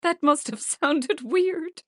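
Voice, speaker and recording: A woman voicing a playful young woman who teases her sister, giggly and quick-witted, in an audiobook. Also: on the high side, very animated, no echo, clean studio sound, voice pushed up. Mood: teasing. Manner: giggly and teasing.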